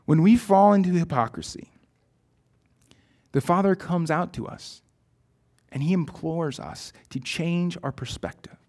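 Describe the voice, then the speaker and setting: A man's voice: a little high, measured pace, long pauses, darkish tone. A man preaching a sermon in an earnest, reflective way, reading his own poem aloud.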